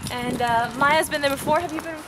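A woman's voice: fairly quick, very noisy. A young woman vlogging casually about her day with friends, bubbly and giggly. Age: young adult. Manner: bubbly, giggly, high and lively. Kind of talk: casual vlog chat. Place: student flat, indoors and around town. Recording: loud background music.

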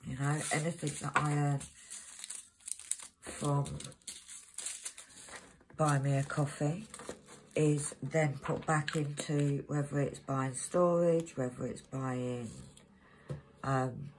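Slow and steady, with frequent pauses, a woman with a low voice rambles through casual crafting chat on her channel and reads codes aloud as she works. Background noise and loud packet crinkling fill the recording.

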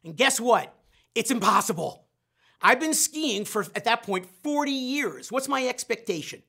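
Bright-voiced, animated middle-aged man. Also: very high voice, moderate pace. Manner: animated, self-mocking storyteller who questions the audience directly. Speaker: sales trainer. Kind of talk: storytelling in a live online training session.

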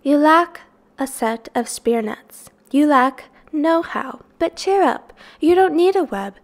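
A clever, patient female spider from a storybook who sets things out calmly and precisely. Her voice is a little high, knowing and kindly, as a woman reads her aloud. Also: takes it slowly, vocal fry, exaggerated voice.

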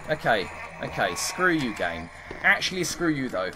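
A man's voice: medium pitch, very animated, moderate pace, bright, forceful tone. A man giving live commentary over his own gameplay, thinking aloud and swearing at the game in exasperation. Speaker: gaming commentator. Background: game music.

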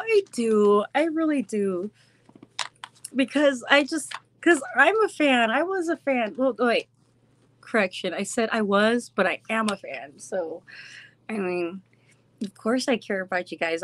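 A woman's voice: high-pitched, sing-song, measured pace, pauses often, fairly bright tone, dry recording. A woman chatting casually with viewers on a live stream from her phone, bubbly and effusive, often slipping into a little kid voice.

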